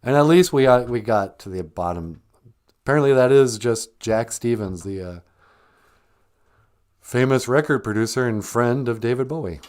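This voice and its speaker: A man's voice: mid-range voice, expressive, moderate pace, darkish tone. A man with a Minnesotan accent hosting a comedic podcast, chatty and upbeat, laughing easily. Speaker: podcast host.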